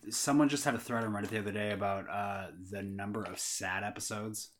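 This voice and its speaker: A man co-hosting a casual podcast chat, retelling a story in a rambling way with halting restarts. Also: on the low side, steady tone, fairly bright tone. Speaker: podcast co-host.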